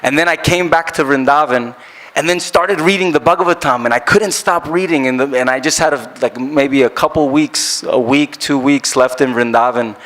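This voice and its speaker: A man's voice: mid-range voice, a bit bright. Earnest man recalling a memory. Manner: earnest, reflective, halting storytelling. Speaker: traveling kirtan singer. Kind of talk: personal reminiscence.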